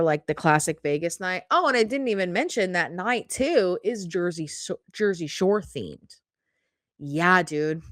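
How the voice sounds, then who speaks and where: A woman's voice: on the low side, no room sound, clean studio sound. A woman in her thirties hosting a podcast, telling stories in a casual, rambling way with plenty of "like" and "um" and frequent swearing. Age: 30s. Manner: chatty, swears freely, lots of "like" and "um". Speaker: podcast host. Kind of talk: casual storytelling monologue.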